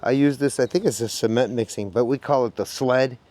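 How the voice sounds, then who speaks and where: A DIY vlogger narrates a how-to video from a cramped crawl space, joking and chatting with viewers while breathing hard from the work. His mid-range voice is warm and moves along fairly quickly.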